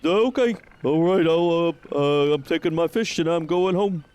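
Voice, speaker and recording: A man's voice: a little high, normal speed, a little mellow, clear, resonant tone, pitched above the performer's own voice, lightly acted. A man voicing a nervous, timid male fisherman who stammers and hesitates. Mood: flustered.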